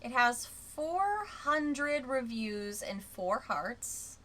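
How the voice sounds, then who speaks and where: A young adult woman, a beauty vlogger, reviews products in a casual vlog, her voice a little high with drawn-out words. She reads viewer comments aloud in a chatty, candid way, rereading quotes with lively emphasis.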